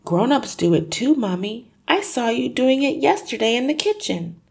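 A bright little girl with a sweet, innocent tone that hides a sly streak, as a woman reads her lines. A slightly gravelly edge sits in the voice. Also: fairly high pitch, very animated, moderate pace, pitched above the performer's own voice, full character voice.

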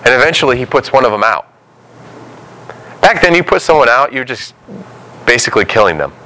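A man preaching a sermon, telling biblical stories with animated storytelling and acting out the dialogue. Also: medium pitch, fairly quick, rough recording.

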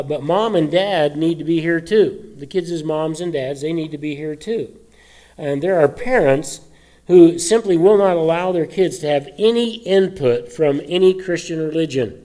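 A man, a pastor, preaching a conversational sermon with many fillers and restarts, his throat a little rough and choked up. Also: on the high side, dark tone. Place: church sanctuary.

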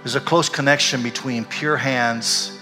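An older man, a pastor, telling a candid and emotional personal story in a sermon, animated as he goes. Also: medium pitch, a little slow, over music. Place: church sanctuary. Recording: echoey hall.

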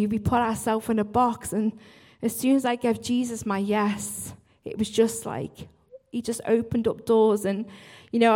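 A woman's voice: a little high, darkish tone. A woman worship leader, giving an earnest church talk with frequent asides and restarts. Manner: earnest, self-interrupting, apologetic asides.

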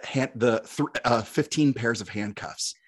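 A man's voice: mid-range voice, a little slow. Male podcast host, casual interview chat, enthusiastic and laughing, restarts often.

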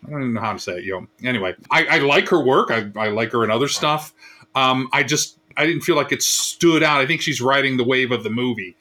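A man's voice: medium pitch, a little fast, pushed and bright. A man on a casual panel discussion, called professor, thinking aloud and hedging his picks.

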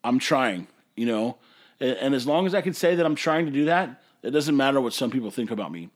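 A man's voice: medium pitch, animated, a little fast. A man, a brewery owner hosting a podcast, ranting in an emphatic, passionate way that sometimes turns to hollering. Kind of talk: casual ranting monologue.

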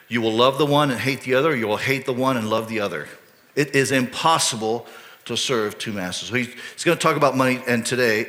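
Man, pastor, casual sermon, crisp edgy voice, lingering reverb in a church. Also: medium pitch, bright, forceful tone. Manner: casual, asks rhetorical questions. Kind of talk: conversational sermon. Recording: long hall reverb.

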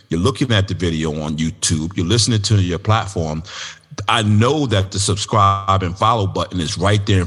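Male podcast host, very low voice, animated folksy delivery, long reverb. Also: husky. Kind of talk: casual podcast talk.

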